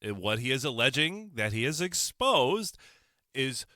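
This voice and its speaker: A man hosts his own podcast alone, speaking straight into a microphone in a dry, close sound. He is sarcastic and keeps firing off rhetorical questions. His voice is bright and forceful, and his pitch swings widely. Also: big pitch swings, measured pace, no echo. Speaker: podcast host. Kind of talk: solo opinion podcast monologue.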